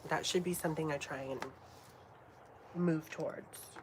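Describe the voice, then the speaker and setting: Woman in her late twenties, casual live-stream chat, slow easy pace, swears, slips into whispers, clear background noise. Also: deep voice, fairly even intonation. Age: late 20s. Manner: swears freely, often drops to a whisper. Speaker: livestreamer chatting with viewers.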